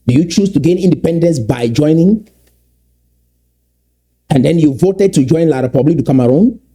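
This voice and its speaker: Man, political commentary, emphatic, husky, dark tone. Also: fairly high pitch, expressive. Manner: emphatic, repeats key lines slowly.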